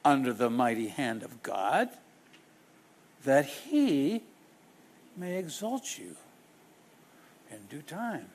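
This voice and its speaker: Animated preacher man with a lively voice. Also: mid-range voice, slow pace, long pauses, slight background noise. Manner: dramatic, acts out quoted people in shifting voices. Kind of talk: sermon.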